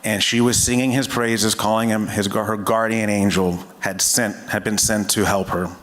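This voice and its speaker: Low-voiced man giving a memorial speech. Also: level tone, fairly bright tone. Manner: measured, hesitant with many uhs. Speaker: fire division chief.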